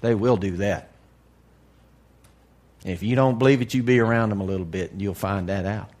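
A man preaching to a congregation in a candid, folksy way, dropping to a hush and then rising to loud emphasis. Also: lowish voice, normal speed. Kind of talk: sermon.

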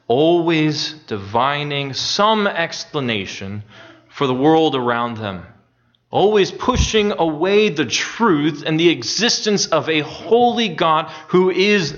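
A man preaching a sermon in a slow, emphatic way, repeating phrases for weight and rising in earnest on key points. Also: mid-range voice, a bit bright, highs cut off. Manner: slow, deliberate delivery with repetition.

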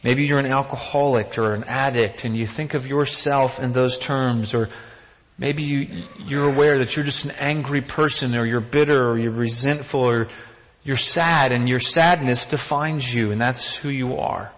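A man's voice: mid-range voice, fairly even intonation, moderate pace, fairly bright tone. A man giving a sermon in a conversational manner, piling up rhetorical questions and throwing in self-deprecating asides. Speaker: pastor. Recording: dull sound with long reverb from a hall.

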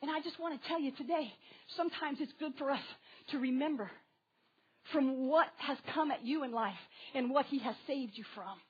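Speaking at a normal speed in a high-pitched voice, a woman delivers a lively sermon to a congregation with kids, addressing questions right at her audience; the top end of the audio is clipped.

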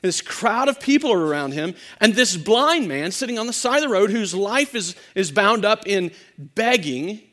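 Male pastor, high-pitched, animated sermon storytelling with frequent restarts. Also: normal speed.

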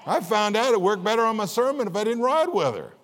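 A man pastor delivers a sermon with a folksy, joking manner, his voice pitched a little high for a man. He swings from soft, confiding asides to louder, higher bursts. Long reverb from a large hall trails his voice. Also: big pitch swings, fast talker, a faint crowd. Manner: folksy, jokey preaching with swings in pitch and volume.

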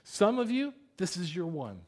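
Guy preaching a sermon, chatty and down to earth, voice sits a bit high. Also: sing-song, moderate pace. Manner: conversational preaching, drops to a hushed voice when retelling stories. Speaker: pastor.

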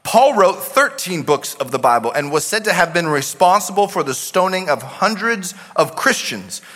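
Animated man preaching in a reverberant hall. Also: high-pitched, moderate pace. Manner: animated, swings from shouting to quiet asides. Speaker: pastor. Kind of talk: sermon.

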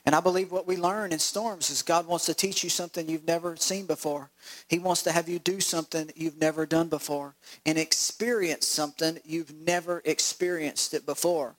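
A male pastor preaching a sermon, animated and acting out voices with laughs. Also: a little high, normal speed, low-quality recording.

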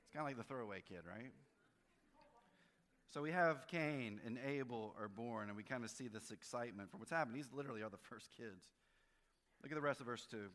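A man preaching a sermon in a relaxed, conversational way, often restarting his phrases. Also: mid-range voice, fairly quick. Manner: conversational, with frequent restarts and varied emphasis. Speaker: pastor. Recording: long hall reverb.

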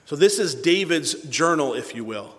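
A male pastor preaching a sermon, animated, swinging between loud bursts and hushed asides. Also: on the high side, moderate pace, in a large hall.

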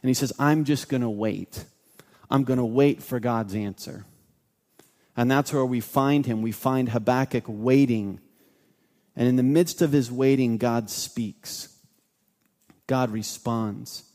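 A man's voice: mid-range voice, unhurried, pauses often, darkish tone. A man preaching a sermon as pastor, emphatic and repeating his key phrases for weight. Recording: long hall reverb.

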